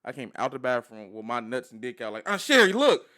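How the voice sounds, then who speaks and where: A young man on a podcast, telling animated stories with laughter and lots of repetition. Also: medium pitch, fast talker. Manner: animated storyteller, repeats himself, laughs mid-sentence. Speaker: podcast co-host. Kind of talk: casual chat.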